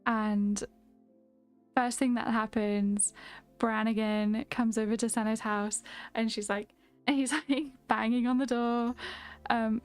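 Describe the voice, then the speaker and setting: A woman streamer chatting slowly and casually, rambling through stories with many fillers and frequent giggles. Her voice sits a touch high, with faint lo-fi music in the background. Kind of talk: casual chat.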